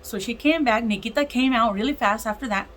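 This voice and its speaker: A woman casually telling a heartfelt personal testimony, animated and emotional, acting out what others said. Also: a little high, brisk, a little hiss or hum, rough recording. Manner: animated, emotional, acts out other people's lines. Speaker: vlogger sharing a testimony.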